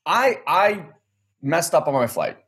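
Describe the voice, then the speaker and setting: A man's voice: a little high, takes it slowly, vocal fry. A man telling a story in casual chat, acting out the dialogue and swearing casually. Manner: animated, acts out quoted dialogue, swears casually.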